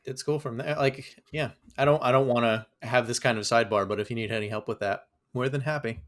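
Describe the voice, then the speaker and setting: A man's voice: mid-range voice, steady tone, a little fast. A man co-hosting a podcast, chatting casually in a laid-back way, often restarting his sentences. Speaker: podcast co-host.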